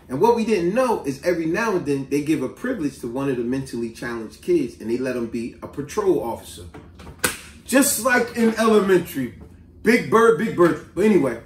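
A man casually telling a story from his school days in a slangy, animated way, with lots of asides. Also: on the high side, slight background noise. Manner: animated, street-slang storyteller who breaks into asides and acted quotes. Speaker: vlogger. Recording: roomy, distant mic.

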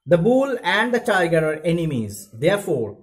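A man's voice: fairly high pitch, sing-song, normal speed. A man reading a solemn chief astrologer. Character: grave old male chief astrologer.

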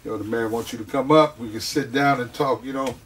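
Animated storytelling man, distant mic. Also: medium pitch, fast, a little hiss or hum. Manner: animated, laughs often while telling stories. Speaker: guest, wrestler. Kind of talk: casual interview storytelling.

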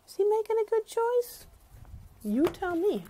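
Lively sing-song woman reading aloud. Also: very high-pitched, a little slow, a little hiss or hum. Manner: animated, sing-song, asks the listeners questions. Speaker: teacher. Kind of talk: reading a picture book aloud to children.

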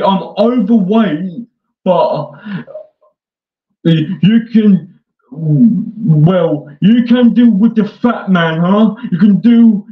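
A man delivering a mocking parody rant in a sarcastic, taunting way, swinging between whiny and gruff. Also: high-pitched. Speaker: online troll. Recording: echoey dull lo-fi room.

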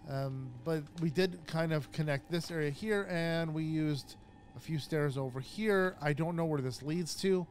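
A man casually narrating his own gameplay, chatty and jumpy, easily startled and quick to laugh at himself. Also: on the high side, faint music behind. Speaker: gaming YouTuber. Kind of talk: casual let's-play commentary.

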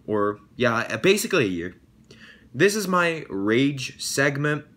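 A young man hosting his own YouTube show, talking casually and breaking into loud, sarcastic rants with swearing. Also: medium pitch, sing-song, unhurried. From United States. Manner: rants loudly, swears, dramatic outbursts. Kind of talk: casual vlog monologue.

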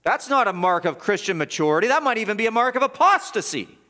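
A male pastor preaching a sermon in church, emphatic and repetitive, swinging from loud urgency to quiet gravity. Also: high voice, very animated, fast talker. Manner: emphatic, repeats words for stress.

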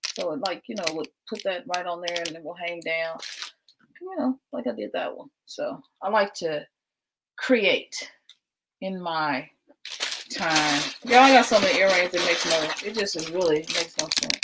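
A woman's voice: lowish voice, unhurried, noisy background. Chatty woman livestreaming at home. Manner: chatty, keeps addressing viewers as y'all; laughs often, talks while packing. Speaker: livestream host. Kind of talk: casual livestream chat. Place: at home indoors.

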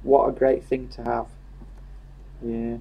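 A man's voice: mid-range voice, takes it slowly, creaky, muffled recording. A young man with a Yorkshire accent, casually reading live chat comments aloud and joking. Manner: jokey, reads comments aloud in a lively voice.

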